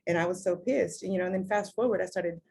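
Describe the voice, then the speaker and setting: A woman's voice: fairly low pitch, fast, gravelly, darkish tone, slightly rough. A middle-aged woman talking candidly as an interview guest, swearing casually and acting out her own past words. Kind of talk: casual conversation.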